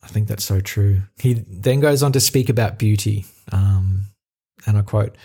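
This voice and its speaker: A man with an Australian accent hosting a reflective solo podcast, talking in an earnest, halting way with many fillers and restarts. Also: lowish voice, vocal fry, dark tone, breathy edge. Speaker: podcast host.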